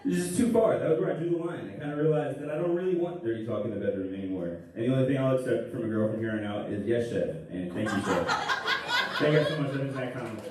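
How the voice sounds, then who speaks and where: A young man doing crude, rambling stand-up comedy with deadpan asides. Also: mid-range voice, very fast, few pauses. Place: comedy club stage. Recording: echoey room, distant mic, noisy.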